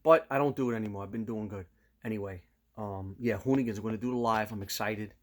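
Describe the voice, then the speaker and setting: A man, chatting casually to camera as a vlogger and telling stories in an animated way. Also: fairly low pitch, fast. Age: 50s. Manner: animated storyteller, slips into loud quoted voices.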